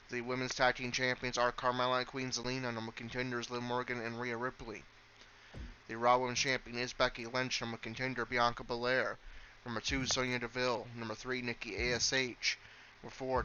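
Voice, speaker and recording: A man's voice: mid-range voice, lo-fi sound, slight background noise. A man calling play-by-play for a wrestling match and then reading out results and rankings as the show's host. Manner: steady announcer delivery, reads lists of names. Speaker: wrestling commentator and show host. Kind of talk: play-by-play commentary and results rundown.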